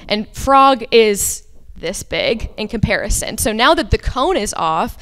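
A woman's voice: a little high, expressive, measured pace, fairly bright tone. Profane young woman telling a comic story. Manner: rambling, profane, comic, lots of "like". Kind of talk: live story slam telling. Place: on stage at a live story slam.

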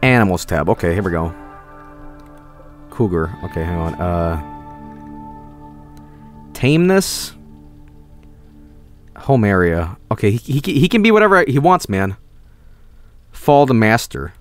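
A young man streaming a video game, excitable and swearing, often yelling at the characters on screen. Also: fairly low pitch, a little slow, pauses often, faint music behind. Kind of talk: gaming livestream commentary.

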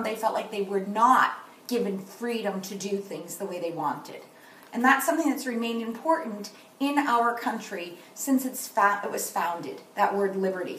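Gentle kindergarten teacher woman, echoey. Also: on the high side, recorded from a distance, a little hiss or hum. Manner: slow, gentle, emphatic teacher voice stressing words. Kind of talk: video morning meeting lesson for young children.

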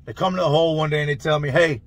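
A man telling a long story in a loose, slangy, animated way. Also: fairly high pitch, racing. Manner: loose, slangy, animated, laughs through the tale. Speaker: channel host telling prison stories. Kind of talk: casual storytelling.

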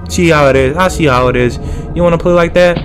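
A young man doing let's-play commentary, excitable and slangy, yelling orders and trash-talking game characters. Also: fairly high pitch, fast, music in the background. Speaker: gaming streamer.

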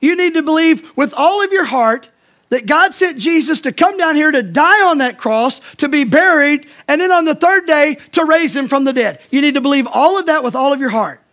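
A man's voice: very high-pitched, expressive, normal speed, fairly bright tone. A man pastor preaching a sermon to his congregation, stressing points by repeating them and asking the listeners direct questions. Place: church.

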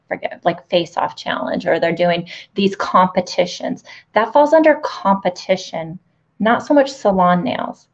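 A woman hosting an interview, speaking in a direct, instructive way about her career as a nail educator. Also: on the low side. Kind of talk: interview with teaching asides. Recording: dull, lo-fi audio.

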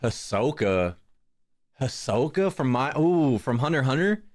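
A man's voice: medium pitch, very animated, a little slow, a little mellow, dry recording, studio quality. A young man hosting a casual drawing livestream, laughing, swearing and chatting with his viewers. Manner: laughing, swearing, talking to chat. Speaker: livestream host. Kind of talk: casual live-stream chat while drawing.

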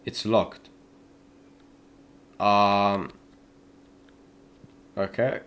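A young gaming YouTuber with a voice on the low side keeps a level tone and draws out his words while playing a horror game. Chatty yet jumpy, he yelps and shouts at scares and says "yo" a lot.

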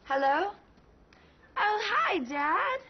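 A woman's voice: very high voice, big pitch swings, very slow, muffled recording, noisy background, full character voice. A young woman talking in a chatty, cheerful way. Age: young adult.

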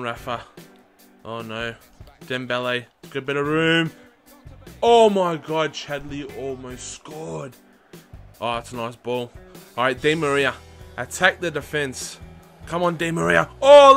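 A young British man with a voice a touch higher than most talks viewers through a football video game match. He uses casual slang and erupts into cheers and shouts whenever a chance comes along. A faint bed of game music sits behind his voice. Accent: British English. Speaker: gaming channel host. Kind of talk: live commentary over a football video game.

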